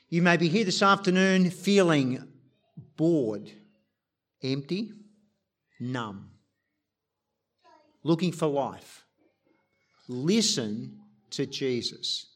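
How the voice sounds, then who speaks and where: A man's voice: fairly high pitch, takes it slowly, pauses often. A man preaching a sermon, appealing directly and earnestly to his listeners.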